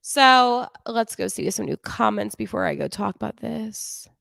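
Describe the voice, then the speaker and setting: A woman's voice: mid-range voice, expressive, unhurried, creaky, a bit bright, no room sound, studio quality. Chatty woman with a Jersey accent. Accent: New Jersey. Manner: chatty and self-deprecating, with frequent fillers. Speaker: podcast host. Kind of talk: casual hockey recap on a livestream.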